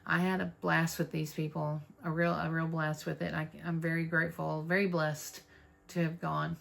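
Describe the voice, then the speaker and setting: A woman's voice: deep voice, flat delivery, normal speed, creaky. A woman, chatting casually to camera in a stitching vlog, rambling through her news. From North Texas. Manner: chatty, rambling, warm about friends, with fillers. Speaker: Flosstube vlogger.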